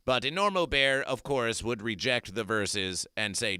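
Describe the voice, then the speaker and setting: A man's voice: medium pitch, lively intonation, unhurried, hardly any pauses, sharp tone, clear, resonant tone, no echo, clean studio sound. A man hosting an absurdist comedy stream, making grandiose, repetitive, mock-solemn proclamations. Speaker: comedy performer. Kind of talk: absurdist livestream chat.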